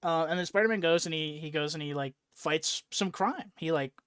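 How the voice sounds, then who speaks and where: A man's voice: on the high side, brisk, fairly bright tone, clear, resonant tone, no echo, studio quality. A young man hosting a casual podcast chat, rambling with lots of fillers and swearing freely as he recaps a story. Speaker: podcast host.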